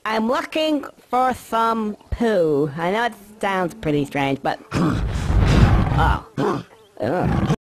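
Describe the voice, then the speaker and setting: A man's voice: high-pitched, very animated, very slow, pauses often, full character voice. A man voicing a cocky, sarcastic young male squirrel in a video game. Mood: wry. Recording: game audio with music behind.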